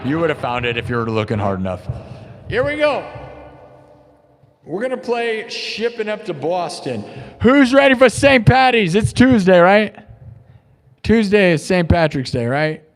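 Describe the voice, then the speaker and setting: A man with a high voice and a gravelly rasp, talking off the cuff on a live music stream. He rambles and cracks jokes, then bursts into loud, hyped yells for his viewers. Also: big pitch swings, unhurried, pauses often. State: hand sore from playing. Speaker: livestreaming musician. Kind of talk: casual livestream chat between live music loops.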